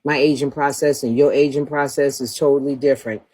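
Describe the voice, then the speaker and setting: A woman's voice: very deep voice, steady tone, brisk, warm tone, husky. A woman hosting a livestream, talking bluntly and profanely in a trash-talking rant, breaking into laughter often. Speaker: livestream host.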